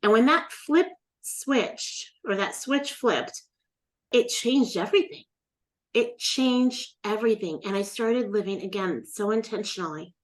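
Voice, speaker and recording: A woman's voice: mid-range voice, a little slow. A middle-aged woman telling a personal story as a guest in a casual interview, acting out the voices of the people in it. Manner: animated storyteller, acts out quoted voices.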